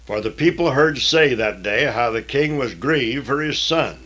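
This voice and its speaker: A man reading scripture aloud in a deliberate, old-fashioned diction, stopping now and then for plain explanatory asides. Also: mid-range voice, animated, pushed and bright. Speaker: Bible reader and teacher.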